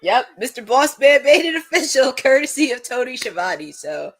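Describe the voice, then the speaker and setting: A young woman hosting a live watch-along, chatting and reacting excitedly with frequent laughs. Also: high-pitched, normal speed.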